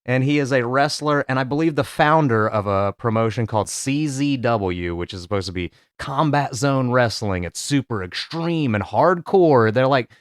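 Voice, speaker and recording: A young man hosts a reaction show in a loose, joking chat, his pitch sitting in the middle. The sound is dry and close, with no room behind it. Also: lively intonation, moderate pace, hardly any pauses, clean tone, no room sound. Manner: joking, laughing, mocking impressions. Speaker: host. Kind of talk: casual reaction commentary.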